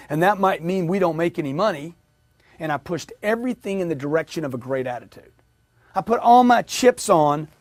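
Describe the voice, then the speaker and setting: Middle-aged male sales coach, punchy and animated, fairly high voice, dry close sound. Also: no echo. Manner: emphatic, acts out customer dialogue. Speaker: sales trainer. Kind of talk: motivational sales talk.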